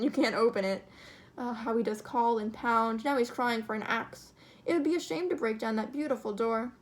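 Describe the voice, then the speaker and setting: A woman reading a short story aloud in an expressive, steady storytelling manner. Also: fairly high pitch. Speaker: reader.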